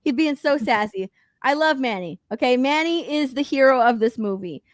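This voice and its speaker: High-voiced woman excitedly recapping a movie. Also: normal speed, no room sound. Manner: animated, profane, acts out characters' lines. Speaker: podcast co-host. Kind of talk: casual chat recapping a movie.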